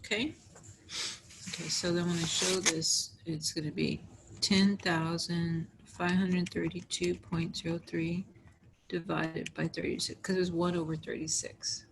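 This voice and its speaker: A woman's voice: lowish voice, flat delivery, measured pace, noisy background. A tired woman teacher patiently talking through arithmetic step by step in a recorded math lesson. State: tired, yawning.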